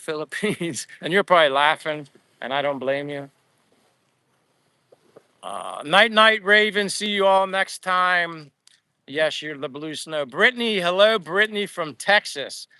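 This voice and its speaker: A man's voice: fairly high pitch, bright, forceful tone, smooth, no room sound. A man from Pennsylvania, living abroad, chatting casually on a live stream as he reads viewer comments, rambling and grateful and stumbling over names. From Pennsylvania, USA. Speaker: expat vlogger reading live chat. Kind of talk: casual live-stream chat while walking. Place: outdoors in a Philippine town.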